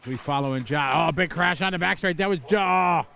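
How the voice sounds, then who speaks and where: A middle-aged man calls the action live from an outdoor racetrack, chatting casually between bursts of excitement. His voice sits a little high for a man, and he jumps from easygoing banter to quick, shouted reactions. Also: creaky. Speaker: race commentator. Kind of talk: live play-by-play commentary.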